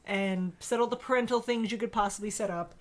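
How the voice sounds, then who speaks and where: Blunt, swearing mom on a podcast. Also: female voice, fairly quick. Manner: blunt, swears freely, mimics her kids in high voices. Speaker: podcast co-host. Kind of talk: casual chat.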